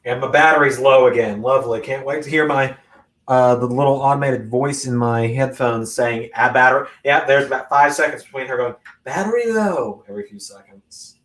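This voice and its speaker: A man hosting a live watch-along of a wrestling event, reacting with sudden loud exclamations between casual remarks. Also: mid-range voice, fairly quick, recorded from a distance. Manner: excitable, bursts into loud exclamations. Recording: roomy echo, voice off-mic.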